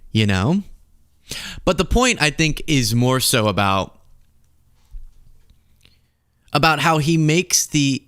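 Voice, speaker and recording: Sarcastic, animated male podcast host. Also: mid-range voice, no echo, clean studio sound. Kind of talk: political commentary.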